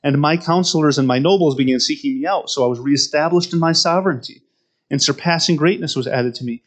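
A man's voice: on the high side, fast. A man preaching a sermon who reads scripture aloud and then explains it directly to his listeners, often repeating words as he goes. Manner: repeats words and restarts mid-phrase.

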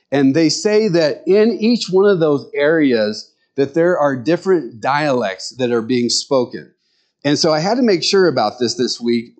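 Folksy Nebraska-accented preacher man. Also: medium pitch. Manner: folksy, rambling storytelling with restarts.

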